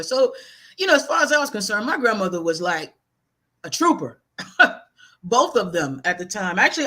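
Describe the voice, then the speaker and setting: A middle-aged woman telling personal stories as a guest author in an interview, animated and laughing often. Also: mid-range voice.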